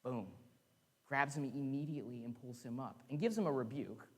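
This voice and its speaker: A man's voice: medium pitch, moderate pace. A man giving a conversational sermon with laughing asides, recorded in a church sanctuary. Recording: long church reverb.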